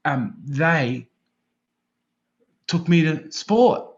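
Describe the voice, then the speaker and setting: A man, a podcast guest in casual chat, who swears constantly and rambles excitedly from one thought to the next. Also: fairly high pitch, very slow. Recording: slightly dull lo-fi sound.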